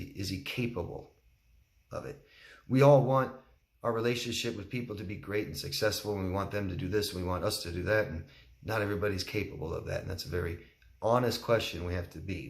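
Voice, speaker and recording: Low-voiced man coaching in an echoey room. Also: vocal fry. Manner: candid, plain-spoken, acts out quotes. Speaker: relationship coach. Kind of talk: solo Q&A talk to camera.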